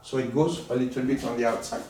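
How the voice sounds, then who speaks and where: A man giving a live demonstration lesson as a teacher, animated and coaxing, in a room at home. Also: mid-range voice, fast, a little hiss or hum. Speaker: echolocation teacher. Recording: very echoey room, far from mic.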